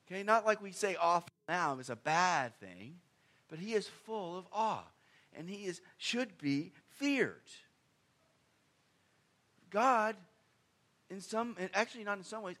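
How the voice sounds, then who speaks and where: A man preaching a sermon in a conversational style, with sudden emphatic swings in pitch and loudness. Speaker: pastor.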